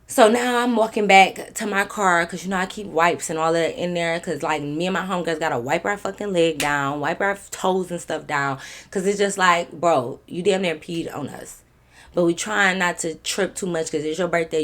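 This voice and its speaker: A young woman, telling a storytime vlog casually and animatedly, with lots of swearing and fillers. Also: on the low side. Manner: animated, profane, conversational with many fillers. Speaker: storytime vlogger.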